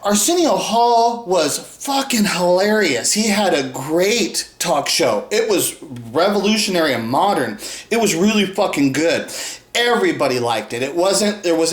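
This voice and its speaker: Speaking to camera in a room with a lot of echo, a man who makes videos rambles on with plenty of profanity, constantly adding "right?" and "and shit." His frequent laughter punctuates a delivery that lurches from loud outbursts to quiet muttering.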